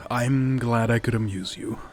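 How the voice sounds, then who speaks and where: A man's voice: mid-range voice, steady tone, normal speed, a little mellow, natural voice. A man voicing a clumsy, green shelled male creature who speaks sheepishly and apologetically. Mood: embarrassed.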